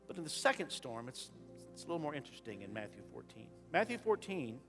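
A man preaching a sermon as pastor, shifting from quiet talk into sudden loud impassioned rises. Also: mid-range voice, sing-song, fast, faint music behind. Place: church sanctuary.

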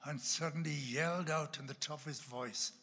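A man, a pastor, telling a story in an animated sermon and breaking into loud bursts now and then. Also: on the high side, moderate pace, gravelly, husky, long reverb tail. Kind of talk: storytelling sermon at a church class.

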